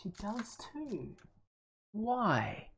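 A man casually chatting with friends while playing a co-op zombie game, excitable and jokey, yelping when things go wrong. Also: drawn-out words, creaky, husky. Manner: excitable, yelps high when in danger; laughs often, jokey. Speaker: gamer streaming co-op with friends. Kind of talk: casual gaming chat.

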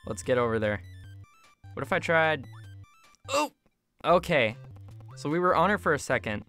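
Excitable young gamer with lively pitch. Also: normal speed, faint music behind. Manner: excitable, yelps and laughs at sudden deaths. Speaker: gaming YouTuber. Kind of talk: casual gameplay commentary. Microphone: phone mic.

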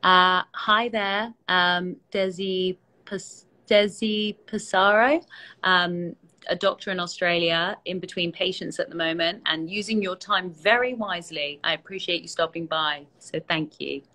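A tired British woman, an actress, chatting casually with fans on a live stream, relaxed and self-deprecating, with many fillers, speaking into a phone held at arm's length. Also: lowish voice, unhurried, low-quality recording. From Britain. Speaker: actress hosting a fan Q&A.

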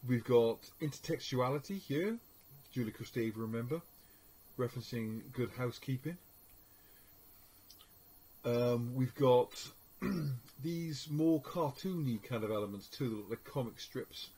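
Husky-voiced man teaching media studies. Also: mid-range voice, lively intonation, measured pace, dark tone, rough recording. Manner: informal, hesitant, many fillers. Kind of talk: recorded lecture.

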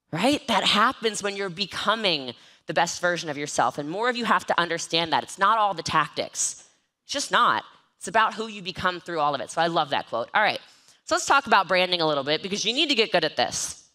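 A woman giving an energetic, joking motivational talk on network marketing from an event stage, often mocking herself. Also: fairly low pitch, brisk. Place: event stage with live and online audience.

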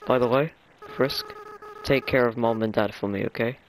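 A man voicing a gentle, tearful young male goat monster from a video game, in a soft, halting, choked-up voice. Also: medium pitch, a little hiss or hum, lightly acted, low-quality recording. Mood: pleading. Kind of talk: voicing game dialogue aloud. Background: game music.

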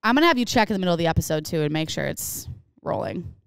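A woman's voice: fairly low pitch, big pitch swings, rapid-fire, creaky, clean tone, dry recording. A woman co-hosting a casual podcast chat, bubbly and upbeat, sitting on a couch in the studio. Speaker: podcast co-host.

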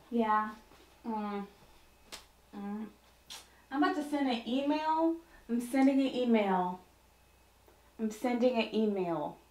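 A woman's voice: fairly high pitch, a little mellow. A young woman hosting a reaction video, flustered and exclamatory, often talking to herself. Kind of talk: casual reaction commentary. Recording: faint music playing behind the voice.

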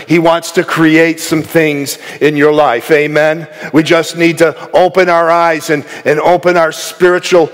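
A man's voice: on the high side, level tone, unhurried, hardly any pauses. A man preaching a sermon as pastor, often calling out "Amen?" to the congregation and building to raised, fervent passages. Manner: call-and-response, asks "Amen?" often. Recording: long hall reverb.

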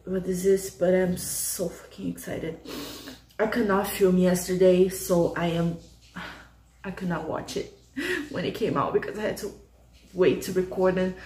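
A young woman hosting her own reaction channel, gushing excitedly and swearing freely as she reacts emotionally. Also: lowish voice. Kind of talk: casual reaction commentary. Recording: echoey room, faint music behind.

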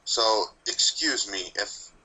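Snippy old grim reaper dude, a guy reading it, low voice but really bright edge, deadpan and blunt. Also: takes it slowly, full character voice, poor audio. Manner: blunt, snappish, dryly sardonic. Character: grumpy ancient male Grim Reaper pony.

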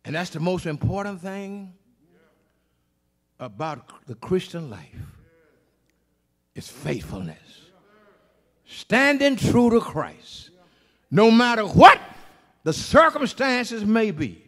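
High-voiced preacher in echoing church. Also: male voice, very animated, takes it slowly, pauses often. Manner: call-and-response preaching, rising to shouts. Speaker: preacher at a funeral. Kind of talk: funeral sermon. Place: large church sanctuary. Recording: echoey church hall.

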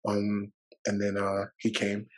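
A man's voice: on the low side, completely flat delivery, slow, poor audio. A man guest on a podcast, telling a personal story in a loose, rambling way, with fillers and swearing, emotional and at times near tears.

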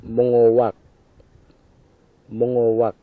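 A man from the Wadeye area of northern Australia, slowly repeating single words three times each for a field recording. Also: mid-range voice, completely flat delivery, no echo. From Wadeye area, Northern Territory, Australia. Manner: says each word three times, slow and deliberate. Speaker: language speaker repeating words. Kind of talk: slow careful word repetition for recording. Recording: tinny lo-fi 1990 field tape.

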